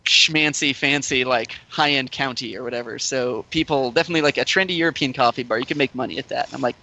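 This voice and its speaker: A man in casual podcast chat, telling an animated story full of "like" and swearing, often acting out what people said. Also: medium pitch, fast talker, hardly any pauses. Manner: animated, heavy use of "like", swears freely, acts out quoted voices.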